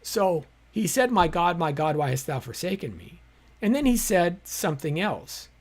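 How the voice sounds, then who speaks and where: A man hosts a live-streamed teaching talk and explains his points patiently. He speaks conversationally and often pauses on small fillers. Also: a little high, big pitch swings. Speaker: apologetics teacher hosting a live show.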